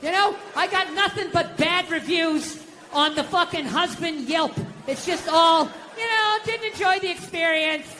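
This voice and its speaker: Ranting high-voiced man, stand-up on stage. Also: a little slow, a little hiss or hum. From United States. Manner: profane, ranting, exasperated. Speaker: comedian. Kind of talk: stand-up comedy. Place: large theater with a laughing crowd. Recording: echoey live hall, loud crowd.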